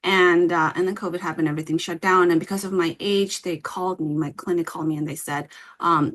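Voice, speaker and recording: A woman founder, a guest on a podcast, telling a personal story in a candid, halting way. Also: lowish voice, fairly even intonation, fairly bright tone. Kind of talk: casual interview chat.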